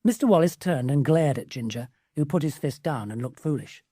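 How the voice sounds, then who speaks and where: A woman's voice: brisk, hardly any pauses, no echo, studio quality. A woman narrating an audiobook, shifting her voice for each character. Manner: voices many characters with lively pitch shifts. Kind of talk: scripted narration.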